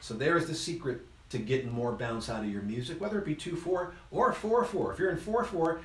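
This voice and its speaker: A male music teacher talks through a rhythm lesson, counting out beats as he strums. His voice sits at a middle pitch. The room rings with echo, and plucked strings sound clearly under his words. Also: moderate pace. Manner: counts beats aloud while playing; relaxed, encouraging. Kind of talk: instrument lesson.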